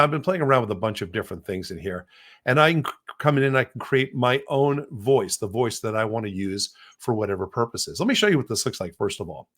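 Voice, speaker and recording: A man's voice: mid-range voice, a bit bright. A middle-aged man hosting a podcast, explaining as he goes in a loose, rambling way with many restarts. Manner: rambling, frequent restarts and repeated words. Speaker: podcast host. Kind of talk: casual podcast demo.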